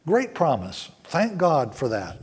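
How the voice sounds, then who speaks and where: Husky-voiced man preaching a sermon. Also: fairly high pitch, wildly swooping pitch, takes it slowly. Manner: earnest preaching with emphatic rises on key words. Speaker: pastor. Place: church sanctuary.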